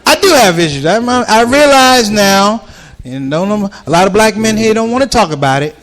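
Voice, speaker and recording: A man's voice: high-pitched, animated, moderate pace, fairly bright tone. A man performing a stand-up comedy routine on stage, telling stories animatedly and acting out the voices of the people in them. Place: ballroom stage before a live audience.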